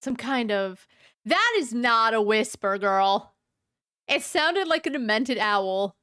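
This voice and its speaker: A woman's voice: fairly high pitch, expressive, slow pace, fairly bright tone, clean tone. A woman streamer giving live, playful gameplay commentary with joking asides. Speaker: game streamer.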